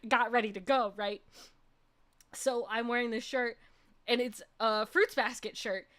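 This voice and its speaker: Young woman, streamer, casual storytelling, fairly high voice, animated, laughs a lot. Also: unhurried. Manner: animated, laughs often, ends points with "okay?". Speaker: vtuber streamer.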